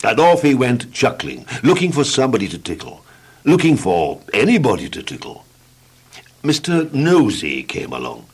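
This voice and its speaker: Animated husky storybook narrator man. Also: mid-range voice. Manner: playful, expressive, slowing for effect.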